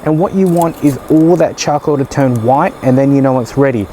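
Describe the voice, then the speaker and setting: A man's voice: medium pitch, brisk, warm tone, slight background noise, rough recording. Chatty joking man hosting a cooking show. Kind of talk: casual cooking tutorial. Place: outdoors by a barbecue.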